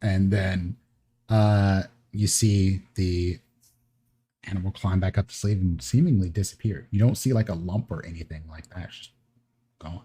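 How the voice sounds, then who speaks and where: A man narrating as game master in a relaxed, rambling way with many fillers. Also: deep voice, moderate pace, slightly rough.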